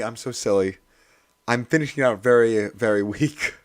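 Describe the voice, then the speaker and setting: A man with a hoarse voice chatting casually and laughing at himself while livestreaming. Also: mid-range voice, measured pace, long pauses. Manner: chatty, self-deprecating, laughs often. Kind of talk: casual study stream chat.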